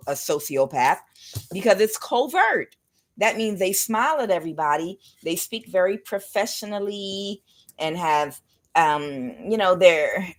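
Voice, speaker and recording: Low-voiced woman giving a lively tarot reading. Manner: rambling and speculative, addressing viewers directly. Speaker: tarot reader. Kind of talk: casual spiritual tarot reading.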